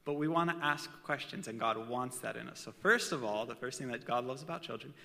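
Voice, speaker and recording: A man's voice: medium pitch, a little fast, creaky, bright, forceful tone, big-room sound. A man preaching a casual sermon with personal stories, talking in a conversational way with chatty asides.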